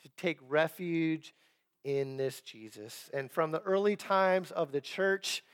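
Emphatic preaching man, fairly high voice. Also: clean tone. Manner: emphatic preaching with dramatic pauses and rising stress; chuckles in asides. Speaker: pastor. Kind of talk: sermon.

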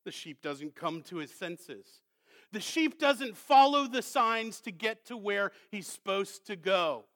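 A male pastor preaching a sermon, moving from hushed questions to loud, emphatic calls and reading scripture slowly. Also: high-pitched, lively intonation. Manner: slows down to read scripture with weight; asks the congregation many rhetorical questions.

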